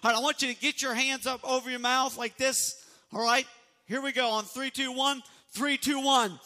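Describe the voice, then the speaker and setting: A man's voice: very high voice, bright, forceful tone. A man pastor preaching a sermon and leading his congregation in call-and-response. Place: church sanctuary.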